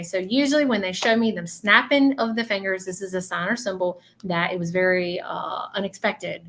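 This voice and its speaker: A woman's voice: medium pitch, fairly bright tone. A woman giving a psychic reading to viewers on a livestream. She talks earnestly and often checks in with "okay?". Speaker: psychic medium.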